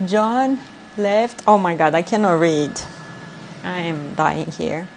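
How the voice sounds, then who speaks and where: Slow-talking woman streaming while cooking. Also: on the low side, expressive, vocal fry, a little mellow, slight background noise. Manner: chatty, laughs often while reading chat. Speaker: live streamer. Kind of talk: casual cooking livestream chat. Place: home kitchen.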